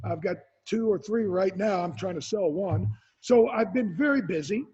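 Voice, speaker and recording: A man's voice: high-pitched, normal speed, slightly rough. A retired football player in his sixties, telling stories in an interview and acting out what people said. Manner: animated storyteller, acts out quotes. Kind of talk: storytelling interview answers. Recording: dull lo-fi sound.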